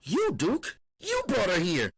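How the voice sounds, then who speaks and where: A man's voice: fairly low pitch, sing-song, normal speed, no room sound, studio quality, voice pushed up. A man voicing a streetwise middle-aged woman who runs a brothel, drawling endearments like honey and baby. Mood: urgent. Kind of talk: audiobook character voice.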